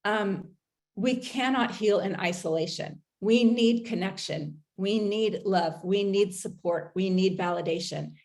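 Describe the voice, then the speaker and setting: A woman talks through practical advice in an earnest, measured way. She pauses often and fills the gaps with soft hesitations. Her voice sits at an ordinary middle pitch. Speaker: host giving recovery advice. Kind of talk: casual advice talk.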